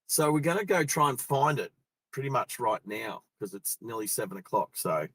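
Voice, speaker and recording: Middle-aged Aussie bloke, live driving vlog host, rambling friendly storyteller, dry in-car sound. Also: male voice, medium pitch, animated, moderate pace, fairly bright tone, husky, no room sound. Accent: Australian. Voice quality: chatty, laughs easily, many fillers. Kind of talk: casual storytelling while driving. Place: in a car on the road.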